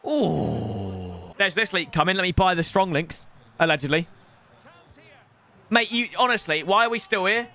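High bright-voiced streamer. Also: male voice, moderate pace, pauses often. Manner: exasperated, ranting. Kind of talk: live gameplay streaming commentary.

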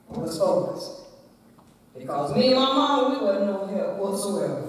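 A woman's voice: mid-range voice, very animated, a little slow, slight background noise. A woman giving a women's day sermon in a church, preaching dramatically and emphatically and telling a family story. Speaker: church speaker. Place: church sanctuary. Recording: echoey church hall from far off.

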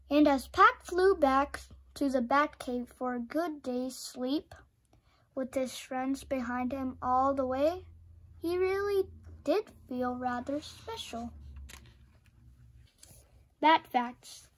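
Storyteller: woman, high voice, slow expressive read-aloud for kids. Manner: expressive, with sound effects. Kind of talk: children's book read-aloud.

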